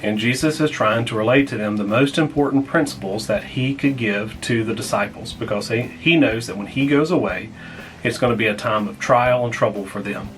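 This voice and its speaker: A man's voice: mid-range voice, fairly bright tone, rough recording. Plainspoken male pastor teaching a lesson. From United States. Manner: plainspoken, repeats key lines slowly for note-taking. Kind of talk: small group Bible lesson.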